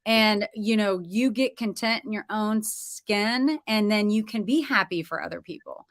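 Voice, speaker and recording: A middle-aged woman hosting a podcast interview, gushing and excitable in casual chat. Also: medium pitch, measured pace. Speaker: podcast host.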